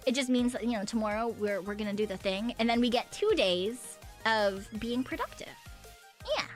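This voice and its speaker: A woman with a slightly high voice talks to her stream audience in loose, rambling chat. She swears freely and laughs often. Quiet music plays underneath. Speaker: VTuber streamer. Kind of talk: casual livestream chat.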